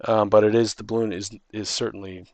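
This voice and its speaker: A man's voice: lowish voice, flat delivery, a little fast, a little mellow, no room sound. A man running a tabletop game as dungeon master, rambling with many restarts and ums.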